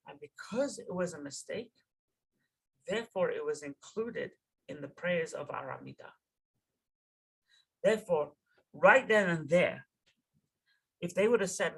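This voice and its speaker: Husky guy giving a casual torah class, informal, lots of restarts, slangy now and then. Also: fairly high pitch, a little slow, long pauses, low-quality recording. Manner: conversational, keeps asking "right?", repeats and restarts words. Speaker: rabbi teaching a Torah class.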